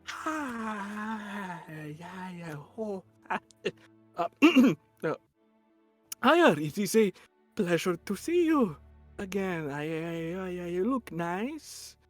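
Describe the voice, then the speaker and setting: A man's voice: high-pitched, very animated, unhurried, fairly bright tone, dry recording, faint music behind, pitched above the performer's own voice, exaggerated voice. A man voicing a confident male guard captain who turns into a stammering, flustered mess around a woman. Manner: stammering, nervous.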